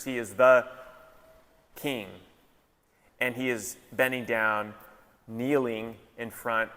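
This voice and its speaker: A man, a pastor, giving a casual, joking sermon with lively retellings. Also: medium pitch, in a large hall. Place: large hall.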